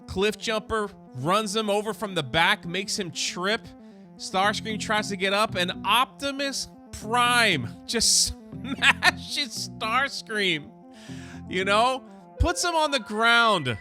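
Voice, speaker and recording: A man hosting a comic book channel, recapping an issue in a chatty, excited way and often restarting his words. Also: high voice, takes it slowly, over music.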